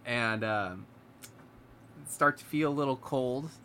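A man in the middle of pitch telling a ghost story among friends, slipping into other people's voices and going quiet and low when the tension builds. A faint hiss of background noise sits under the talk. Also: slow. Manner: animated, acts out the characters' lines, drops to a hushed voice for tense moments.

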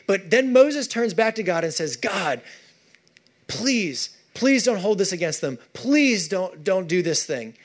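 Casting note: male pastor, lively, chatty sermon delivery, higher voice. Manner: animated, conversational preaching with asides to the congregation.

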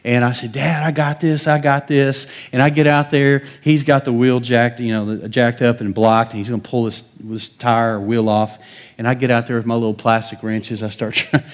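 A man's voice: medium pitch, flat delivery, a little fast. Folksy man preaching a story-filled sermon. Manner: folksy, chuckles often, acts out quoted dialogue. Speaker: pastor.

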